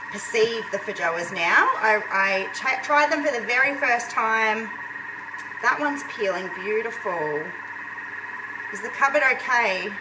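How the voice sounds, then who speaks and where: Chatty high-voiced woman cooking live. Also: distant mic, background noise. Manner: chatty, talks to viewers while cooking. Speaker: home cook hosting a live cooking video. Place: home kitchen.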